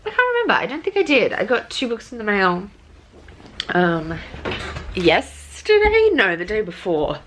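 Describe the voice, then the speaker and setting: A woman's voice: mid-range voice, huge pitch swings, moderate pace, fairly bright tone, slight background noise. A young Australian woman chatting casually about new books for her vlog, rambling with plenty of ums and restarts. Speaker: book vlogger. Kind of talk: casual book haul vlog.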